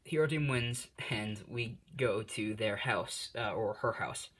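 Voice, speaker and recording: A man's voice: lowish voice, unhurried, a bit bright, husky. A young man improvising a fan story narration, rambling with many fillers and self-corrections.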